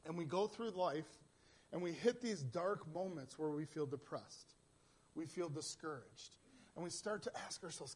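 A man's voice: a little high, moderate pace, darkish tone. A man preaching a sermon in church, earnest, often stumbling and repeating words as he voices heartfelt prayers aloud. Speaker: pastor. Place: church in South Central Pennsylvania.

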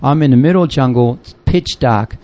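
A man's voice: medium pitch, fairly quick, darkish tone. An older man, a missionary, telling a story in a casual chat, acting out voices and laughing often. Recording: dull lo-fi sound.

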